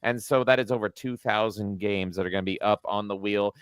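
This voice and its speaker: A guest on a live-stream chat, loud and hyped, joking and swearing as he plugs his shows. His voice is bright and clear. The sound is dry and close. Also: lowish voice, brisk, few pauses, no room sound. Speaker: guest panelist promoting his gaming channel.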